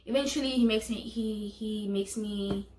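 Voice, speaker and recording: A woman's voice: mid-range voice, fairly even intonation, moderate pace, a little mellow, slight background noise. A young South African woman with a South African accent, telling a personal story on her vlog and acting out what others said. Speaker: vlogger. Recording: echoey room.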